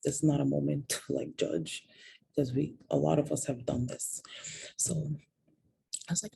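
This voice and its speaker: Gravelly-voiced woman telling her story. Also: low voice, fairly even intonation, moderate pace, long pauses, mellow. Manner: candid, confiding, drops to a whisper on painful details. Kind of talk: personal storytelling vlog.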